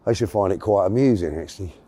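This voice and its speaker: A man's voice: low-pitched, rapid-fire, dark tone, breathy edge. A man, telling a long story as an interview guest in a rambling, chatty way, correcting himself as he goes. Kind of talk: casual storytelling.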